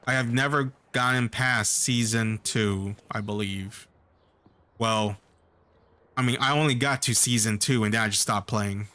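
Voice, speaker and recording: A man's voice: medium pitch, steady tone, a little slow, sharp tone. A man giving casual, chatty commentary while playing a video game. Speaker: let's play host.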